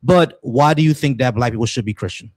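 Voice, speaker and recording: A man's voice: medium pitch, quick pace, darkish tone, dry recording, clean studio sound. A man hosting a live-stream talk show, brash and speaking straight to the audience. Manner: brash, addresses the audience directly. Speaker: host. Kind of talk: casual live-stream chat.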